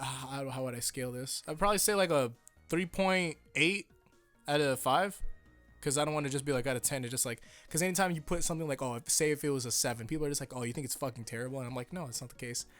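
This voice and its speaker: A young man reviewing an anime episode in casual chat, rambling with lots of swearing and hyped excitement. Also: mid-range voice, fairly quick, soft background music.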